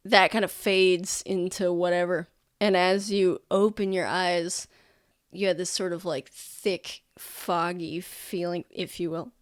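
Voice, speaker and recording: A woman's voice: fairly low pitch, smooth, dry recording, studio quality. A woman narrating a tabletop game as game master, loose and full of fillers.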